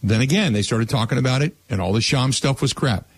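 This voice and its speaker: A man's voice: medium pitch, a little fast, slightly rough, dry recording. A man hosting a sports talk radio show and taking calls, talking casually and repeating words as he starts his sentences.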